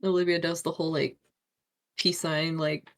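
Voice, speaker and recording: A woman playing at a tabletop game, giggly and animated, who coughs now and then. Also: low-pitched, moderate pace. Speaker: player. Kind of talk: casual chat at a tabletop game.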